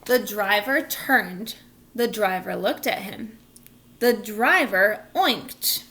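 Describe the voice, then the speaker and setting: A woman's voice: medium pitch, slow pace. Woman reading a children's story aloud. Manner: expressive, clear storytelling. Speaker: reader.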